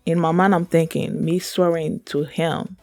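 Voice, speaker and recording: A woman's voice: low voice, fairly even intonation, a little slow, darkish tone, no echo, faint music behind. A woman hosting a reaction video, telling a personal story in an earnest, emotional, rambling way with many fillers. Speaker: reaction channel host.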